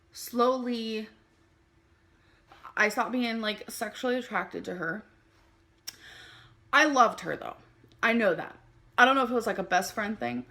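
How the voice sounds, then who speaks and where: A young adult woman telling a personal story on her vlog, speaking candidly and haltingly with many fillers. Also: fairly high pitch, a bit bright. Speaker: vlogger.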